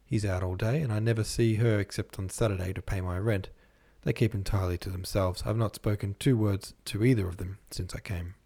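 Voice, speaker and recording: A man's voice: lowish voice, steady tone, fairly quick, few pauses, dark tone. A man voicing a kindly young man who speaks in light, mock-formal banter. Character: wry, kindly young man, gently ironic.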